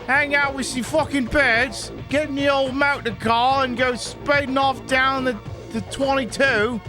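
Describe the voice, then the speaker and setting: Man doing a loud, high-pitched cartoonish British bloke, cheeky and profane. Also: very animated, a little slow, over music, heavily acted. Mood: boisterous. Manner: loud, swearing, exaggerated put-on accent. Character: rowdy mock-British bloke, adult man, brash and cheeky.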